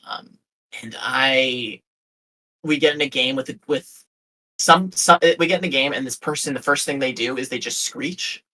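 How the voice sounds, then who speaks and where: A man hosting a podcast, telling a story in casual chat, animated and self-mocking, swearing freely. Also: mid-range voice, moderate pace, rough recording. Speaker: podcast host.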